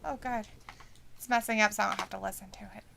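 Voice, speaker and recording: A woman's voice: medium pitch, steady tone, quick pace, gravelly, bright, forceful tone, a little hiss or hum. A woman co-hosting a casual live watch-along stream, reading viewer comments aloud, laughing often and swearing casually. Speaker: stream co-host.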